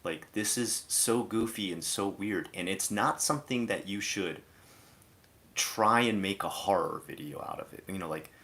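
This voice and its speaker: A man's voice: low-pitched, moderate pace, bright, forceful tone. A man streaming live, giving a casual, exasperated commentary rant that is full of "like" fillers.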